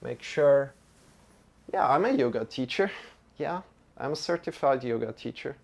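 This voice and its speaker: A man teaching a beginner yoga and meditation lesson as a live stream, talking in a relaxed, chatty way with many fillers. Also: mid-range voice, measured pace, gravelly. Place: home room.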